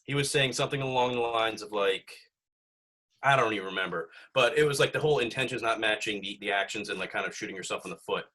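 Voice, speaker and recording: A man's voice: fairly low pitch, fast talker, pushed and bright. A young man hosting a podcast, chatting casually and rambling with lots of fillers and swearing. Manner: rambling, profane, filler-heavy. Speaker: podcast host.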